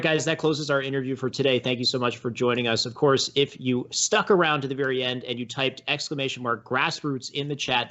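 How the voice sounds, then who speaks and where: Host, male, mid pitch, relaxed and laughing, slightly muffled lo-fi sound. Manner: easygoing, laughs often. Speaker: show host. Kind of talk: casual interview and show wrap-up.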